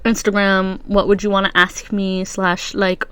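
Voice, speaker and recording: A woman's voice: medium pitch, flat delivery, measured pace, fairly bright tone, smooth, dry recording. A young adult woman with a stuffy nose, hosting a rambling, slang-heavy solo podcast. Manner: slangy and rambling, many fillers. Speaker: podcast host. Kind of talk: casual solo podcast chat.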